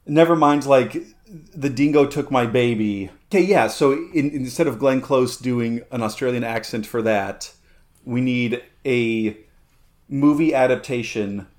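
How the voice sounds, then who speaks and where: A man co-hosting a podcast and talking casually. His voice sits in a middle pitch, and he rambles and stumbles through his points with many fillers and restarts. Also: measured pace, darkish tone. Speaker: podcast co-host. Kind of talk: casual chat.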